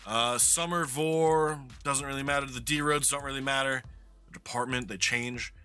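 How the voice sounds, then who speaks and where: A man's voice: medium pitch, steady tone, moderate pace, pushed and bright, clean tone, soft background music. A man from New York with a New York accent, chatting casually and swearing now and then while commenting on a geography game he plays. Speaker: streamer playing a geography game.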